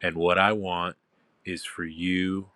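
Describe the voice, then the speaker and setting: A low-voiced man speaks slowly and deliberately, with a forceful, sharp edge. He drawls casually and then issues commanding, domineering orders. The recording is dry, made outdoors in a park. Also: level tone, no echo. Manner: laid-back, drawling with fillers. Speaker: online dominant addressing followers. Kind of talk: casual spoken monologue.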